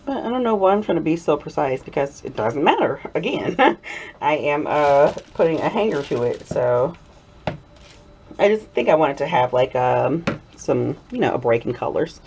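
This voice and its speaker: A woman's voice: sits low, noisy background. A middle-aged woman hosting a soap-making video, chatting and giggling through rambling asides, sometimes slipping into a playful Southern drawl. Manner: drifts into a playful Southern drawl when excited. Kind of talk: casual chat while crafting. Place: home workshop.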